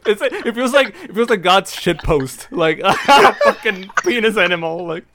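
A man's voice: high voice, expressive, normal speed, very noisy. A man in casual group chat, rambling and swearing, often laughing as he talks. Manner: profane, rambling, laughs a lot.

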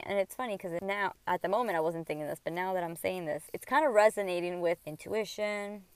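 A woman's voice: fairly low pitch, smooth, no echo. A woman in her thirties hosting a casual spiritual podcast, talking candidly and rambling, swearing freely, recorded at home. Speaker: podcast host. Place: at home by a window.

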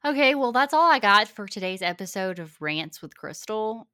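A woman's voice: mid-range voice, big pitch swings, normal speed, sharp tone. A woman co-hosting a podcast in casual chat who laughs easily. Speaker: podcast co-host.

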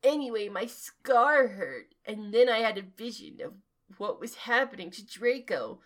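A woman's voice: fairly high pitch, animated, measured pace, a bit bright. A young woman co-hosting a podcast, reading a fanfic aloud in mock-dramatic voices and laughing often. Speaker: podcast co-host.

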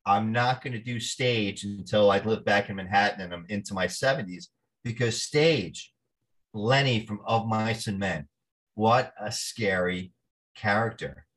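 Animated New man telling stories. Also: lowish voice, a little slow. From New Jersey. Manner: animated storyteller, acts out quoted voices. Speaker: actor guest. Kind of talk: storytelling interview.

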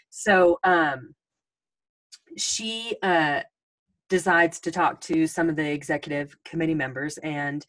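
Woman, 40s, podcast host; casual storyteller, filler-heavy, low register, dry close mic. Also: no echo. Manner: chatty, with many ums and restarts.

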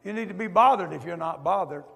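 A man giving a testimony sermon in a folksy drawl, swinging from loud to hushed and dropping in "amen" asides. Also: high voice, fast talker, gravelly. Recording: echoey hall.

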